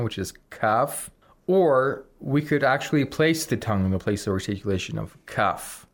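On a radio program, a man teaches Quran recitation, patiently explaining the rules and demonstrating examples. His voice sits on the low side.

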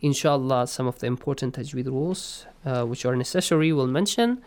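A man teaches Quran recitation, keeping a patient rhythm and checking in again and again with his students. His voice is smooth and resonant at a middle pitch. Now and then he slips into slow, drawn-out chanting of the verses. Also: darkish tone. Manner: patient, checks in often with "okay?" and "yes?". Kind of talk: online class, explaining and reciting.

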